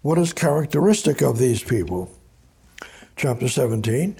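Husky-voiced man preaching a sermon. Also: medium pitch, big pitch swings, moderate pace, warm tone. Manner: conversational, repeats words, reads scripture aloud. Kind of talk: sermon, Bible study.

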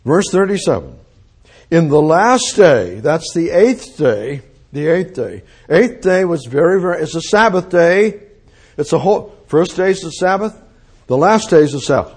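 A man delivering a sermon at an unhurried pace, leaning hard on repeated phrases and sudden exclamations. His voice sits a little high for a man and carries a husky, breathy edge. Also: expressive, darkish tone. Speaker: preacher.

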